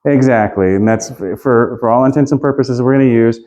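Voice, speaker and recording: Mellow-voiced man teaching a casual class. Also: mid-range voice, fairly quick, highs cut off. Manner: loose and chatty, loses his notes, laughs often.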